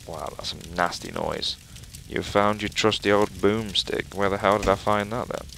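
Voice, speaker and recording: A man's voice: lowish voice, steady tone, moderate pace, creaky, noisy background. A man giving sarcastic, profane commentary while playing a horror video game. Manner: profane, sarcastic, joking asides. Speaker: let's play host. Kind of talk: gameplay commentary.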